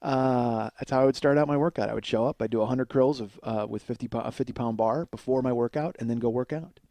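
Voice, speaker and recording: Rambling, chuckling man with a mellow voice. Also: mid-range voice, quick pace, no room sound. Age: 40s. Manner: rambling, chuckling storyteller with frequent fillers. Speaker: podcast host. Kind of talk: comedic monologue.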